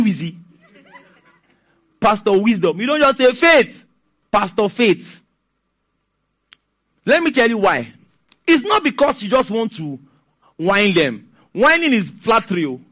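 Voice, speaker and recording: A man with a Nigerian accent preaching a sermon as pastor, telling stories with laughter and asking the congregation to respond. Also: high voice. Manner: animated, storytelling with laughs and call-and-response.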